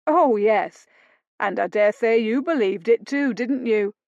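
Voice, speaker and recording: A woman's voice: fairly high pitch, a little slow, creaky, a little mellow, no echo. A woman reading an audiobook, voicing a mocking, sardonic roguish man with a drawling sarcasm. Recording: dull dry lo-fi studio read.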